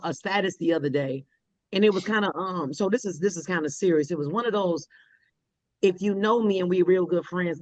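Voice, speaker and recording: A woman's voice: lowish voice, no room sound. A woman hosting a casual, candid chat, blunt and emphatic with plenty of profanity. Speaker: host. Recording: muffled dry sound.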